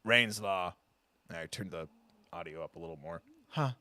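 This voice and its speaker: A man's voice: sits low, normal speed, sharp tone, no echo. A man streaming a game live, reacting with exclamations and reading its dialogue aloud. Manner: reactive, exclaims and swears at surprises.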